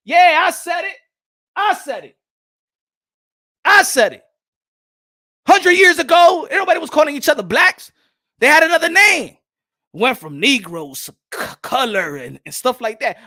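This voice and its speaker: A man from New York whose first language is Spanish, hosting a boxing talk show and ranting passionately to his panel, repeating himself and shouting at times. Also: very high voice, very animated, normal speed. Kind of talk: livestream panel monologue.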